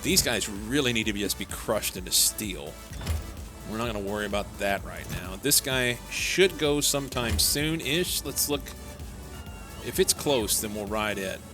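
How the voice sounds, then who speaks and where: A man's voice: fairly low pitch, lively intonation, a little slow. A young man casually talking through a live game stream, rambling and answering chat. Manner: rambling, chatty, reads chat aloud. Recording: background game music.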